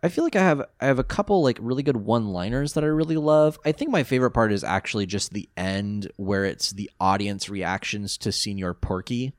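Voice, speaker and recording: A man with a low voice recaps a cartoon episode in easy podcast chat. He gets animated and often leaps up into a high register when something tickles him. The mic is close and dry, with no room sound. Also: a little fast, few pauses, dry recording. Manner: animated, jumps into high pitch when reacting. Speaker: podcast co-host.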